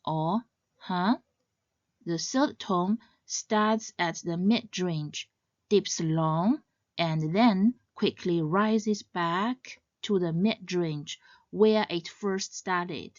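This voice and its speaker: A woman narrates a scripted lesson very slowly, setting out each point in a measured, explanatory way. Her voice sounds close and dry, with no room around it. The sound is a little dull and lo-fi. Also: on the low side, no echo. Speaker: language teacher.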